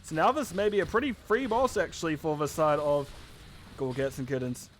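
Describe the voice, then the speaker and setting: A man casting a live esports match with quick, chatty play-by-play commentary, often correcting himself mid-sentence. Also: fairly high pitch, a little hiss or hum. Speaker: esports caster.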